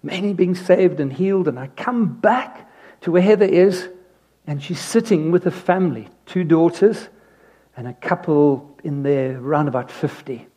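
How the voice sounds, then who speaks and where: Male preacher, fairly high voice, animated storytelling, loud peaks and quiet asides. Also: normal speed. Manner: animated, swings from loud emphasis to hushed asides. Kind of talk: sermon with personal storytelling.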